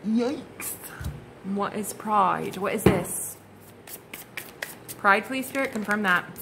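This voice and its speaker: A woman's voice: medium pitch, slow pace, vocal fry, very noisy. A woman giving a casual, gushing tarot reading to her viewers, exclaiming and swearing freely as she turns the cards. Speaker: tarot card reader.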